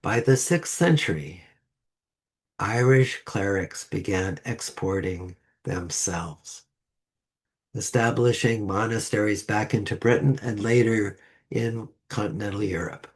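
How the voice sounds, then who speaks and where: A man delivering a sermon to a congregation with a slow, measured delivery and deliberate pauses. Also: on the low side, breathy edge. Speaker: lay speaker. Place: church sanctuary.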